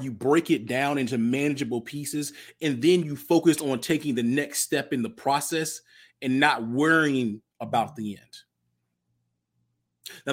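Upbeat motivational man hosting a podcast. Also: medium pitch. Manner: upbeat, motivational, repeats key phrases for emphasis. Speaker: podcast host and nonprofit founder. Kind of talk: solo podcast monologue.

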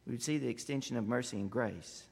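A man preaching a sermon with passion, building to loud emphatic peaks and then dropping low and quiet. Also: fast talker, creaky, husky. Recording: long hall reverb.

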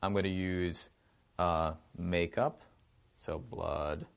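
Man with a gravelly low voice. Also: takes it slowly. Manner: animated, thinks aloud with frequent restarts. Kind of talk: informal film discussion.

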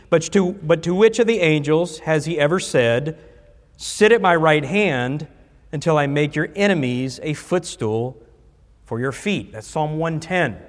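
A man preaching a sermon in a conversational way, repeating key phrases and leading the congregation in call-and-response. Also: on the high side. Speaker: pastor. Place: church sanctuary. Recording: long reverb of a large hall.

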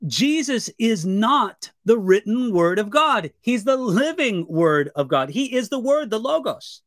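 High-voiced man, a pastor, answering questions. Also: very animated, a bit bright, no room sound, studio quality. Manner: earnest, measured, reads viewer questions aloud. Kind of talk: live Q&A teaching.

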